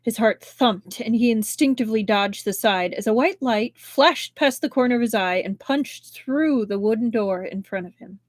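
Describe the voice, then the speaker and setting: A woman reading a novel aloud on a live stream, expressive, with big changes in loudness. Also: a little high, moderate pace, hardly any pauses, dry recording. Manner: expressive, with strong shifts in loudness. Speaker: book reader and livestream host.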